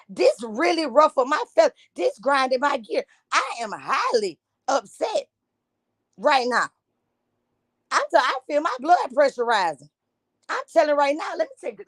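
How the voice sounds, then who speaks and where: A woman's voice: high-pitched, sing-song, moderate pace, a bit bright, dry recording. A woman from Jacksonville, reacting to a news clip in a blunt, heated, profane rant. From Jacksonville, Florida.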